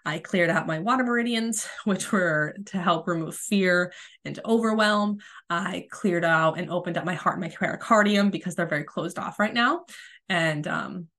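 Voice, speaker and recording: A woman in her thirties talks alone into the mic for her coaching podcast, her voice sitting a little low. She speaks gently and soothingly, in an easy casual flow. She has a cold. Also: moderate pace. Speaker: podcast host, spiritual coach. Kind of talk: casual solo podcast talk.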